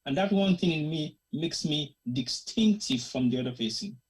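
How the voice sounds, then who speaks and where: Husky Sierra Leonean-accented commentator. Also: medium pitch, expressive, moderate pace, low-quality recording. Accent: Sierra Leonean Krio-tinged English. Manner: passionate, emphatic, slips into Krio phrases. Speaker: host of a current-affairs discussion show. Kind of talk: opinionated commentary monologue.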